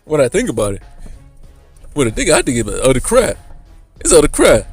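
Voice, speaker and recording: A man voicing a grumpy older male basketball legend who rants loudly and boasts about his past. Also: fairly high pitch, huge pitch swings, fairly quick, husky, soft background music, voice pushed up, heavily acted. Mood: boastful ranting. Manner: loud, boastful, rambling rant.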